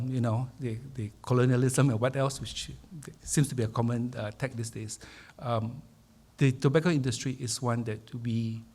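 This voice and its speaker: A man, hosting a public talk and introducing the speaker in measured, hesitant remarks with many fillers. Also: mid-range voice, a little mellow, breathy edge. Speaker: event host introducing speaker. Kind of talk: formal opening remarks.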